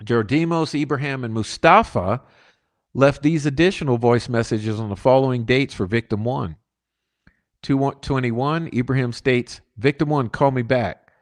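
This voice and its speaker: A man's voice: medium pitch, normal speed. A man hosting a crime channel, reading case documents aloud and breaking off into emphatic commentary. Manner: reads flatly, then breaks off into emphatic asides.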